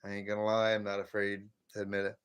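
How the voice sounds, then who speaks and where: Low-voiced folksy middle-aged man. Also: monotone, fast talker, clean tone. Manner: folksy, chatty, greets viewers as brother. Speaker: live stream host. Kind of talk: casual live stream chat.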